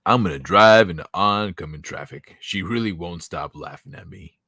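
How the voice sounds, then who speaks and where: A man's voice: deep voice, normal speed, sharp tone, no echo, studio quality. A man hosting a casual late-night livestream, joking crudely and bantering with his chat. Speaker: livestream host.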